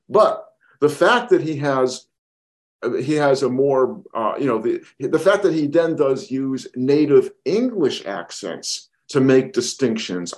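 A man co-hosting a podcast, talking through a film in a thoughtful way and often restarting sentences as he builds his point. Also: mid-range voice. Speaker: podcast co-host. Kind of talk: casual film discussion.

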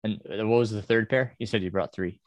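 A man with a fairly low voice hosts a podcast, putting short questions and answering with brief replies. His voice sounds dry and close to the mic. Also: fairly even intonation, fairly quick, no room sound. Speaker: podcast host. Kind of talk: casual interview.

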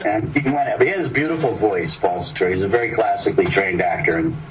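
A man's voice: lowish voice, fast. An older man, an actor, telling a rambling anecdote in casual interview talk, acting out the people he quotes. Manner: rambling, lively storyteller voicing quoted people. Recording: distant mic with clear background noise.

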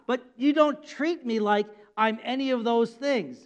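A man's voice: extremely high pitch, normal speed, few pauses, highs cut off. A male pastor giving a conversational sermon, asking rhetorical questions and acting out quoted speech. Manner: conversational preaching with repeated words and rhetorical questions; acts out God and the people in quoted speech.

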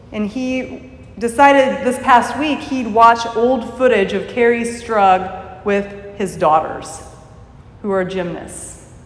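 Slow-spoken woman preaching in an echoey hall. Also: mid-range voice. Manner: measured, reflective storytelling. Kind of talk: sermon. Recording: echoey hall with long reverb.

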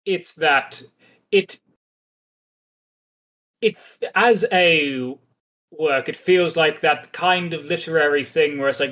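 A man with a somewhat high voice hosts a casual podcast discussion. He talks things through in a chatty, thoughtful way, with a mildly wry edge. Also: slow, long pauses, fairly bright tone. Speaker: podcast host.

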